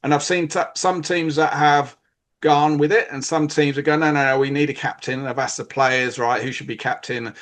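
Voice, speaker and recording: A British man with a fairly high voice talks through coaching and leadership on a podcast. He explains in a casual, conversational way and slips into quick acted-out lines of players and coaches. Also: fairly even intonation, fairly bright tone.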